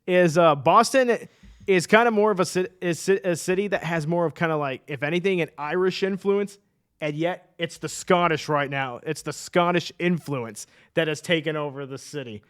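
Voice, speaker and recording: A man's voice: on the high side, moderate pace, clear, resonant tone. Chatty, laughing sports-show man. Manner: chatty and enthusiastic, laughs often, frequent restarts. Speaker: sports podcast co-host. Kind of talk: casual sports chat.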